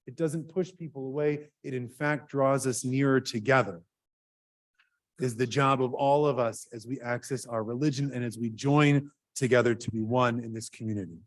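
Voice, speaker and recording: A man giving a sermon as a rabbi in a synagogue, speaking earnestly and conversationally, with fillers and lively swings in loudness. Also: medium pitch, moderate pace. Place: synagogue sanctuary.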